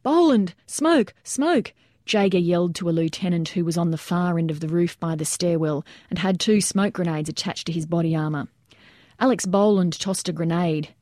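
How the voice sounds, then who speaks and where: A woman narrating a nonfiction war account in a measured, steady audiobook style. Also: on the low side, dry recording, clean studio sound. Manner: measured, steady storytelling that raises its voice for shouted quotes.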